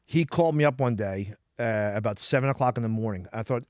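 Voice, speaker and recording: A man's voice: mid-range voice, fast, a little mellow, no room sound. A man telling rambling comic stories as a podcast guest, laughing often and restarting his sentences. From Philadelphia.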